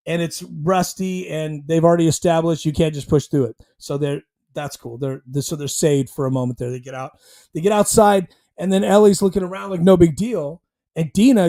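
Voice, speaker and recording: Casting: high-pitched male host, casual rambling recap, acts out bits with growls. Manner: rambling, animated retelling with growled sound effects.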